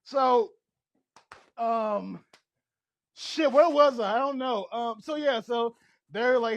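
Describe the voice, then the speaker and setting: A high-pitched man runs through a TV episode recap in a loose, rambling way, working himself up as he goes. He sounds short on sleep. The mic is close and dry, with no room sound. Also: takes it slowly, gravelly, long pauses, dry recording. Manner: rambling, excitable, laughing and shouting as he recaps. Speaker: TV show reviewer. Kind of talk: casual spoiler recap.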